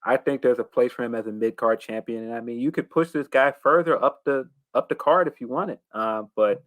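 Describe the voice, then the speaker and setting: A man cohosting a casual wrestling podcast, talking in a measured, hesitant way. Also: mid-range voice, a bit bright, no room sound. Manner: measured, hesitant, with many restarts and fillers.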